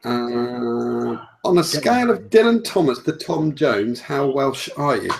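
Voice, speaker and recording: A man's voice: medium pitch, lively intonation, unhurried, gravelly, low-quality recording. A man hosting a casual podcast, loosely reading out listener questions. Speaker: podcast host.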